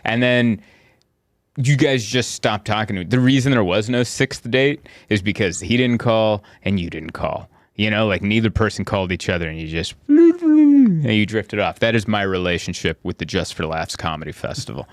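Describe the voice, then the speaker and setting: A man with a fairly low voice hosts a comedy podcast, recorded close with almost no room sound. He tells stories in a loose, chatty way and acts out the people in them with quick character voices. He laughs easily, often right in the middle of his own lines. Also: no room sound. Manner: animated storyteller who acts out scenes in voices; laughs often while talking. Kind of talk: casual podcast chat.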